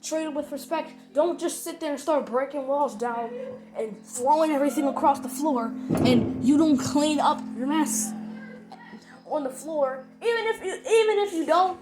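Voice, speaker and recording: A woman's voice: sits high, moderate pace, over music, rough recording. A woman channel host talking to her viewers from home in a rambling, repetitive, emphatic casual rant.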